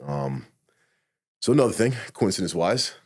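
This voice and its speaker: A man who is a retired police officer, telling a personal story as a podcast guest in a blunt, profane, animated way, acting out what he thought and said. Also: sits low, moderate pace, husky. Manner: blunt, profane, animated retelling with acted-out inner quotes. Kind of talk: casual storytelling interview.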